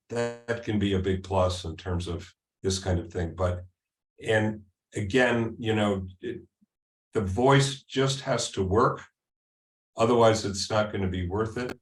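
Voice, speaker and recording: A man presenting at a user group meeting, walking through a software demo in a casual, halting way with ums and restarts. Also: fairly low pitch. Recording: echoey room sound.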